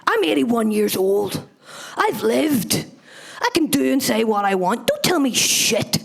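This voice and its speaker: A woman voicing her foul-mouthed eighty-one-year-old granny, speaking slowly and bluntly. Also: fairly high pitch, very animated, vocal fry, heavily acted. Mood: defiant, blunt. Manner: slow, blunt, swearing.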